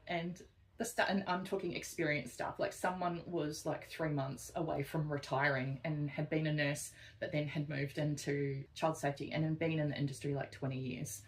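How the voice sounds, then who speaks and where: A woman's voice: low-pitched, low-quality recording. A woman co-hosting a casual podcast, a social worker who tells work stories and acts out the people she quotes. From Australia. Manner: animated storytelling, acts out quotes.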